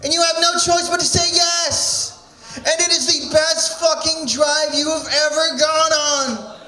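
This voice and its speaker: A young man doing stand-up at a small open mic, loud and shouting his punchlines. His voice sits very high and sounds bright and sharp. The room around him is echoey. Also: steady tone, a little slow. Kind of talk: stand-up set.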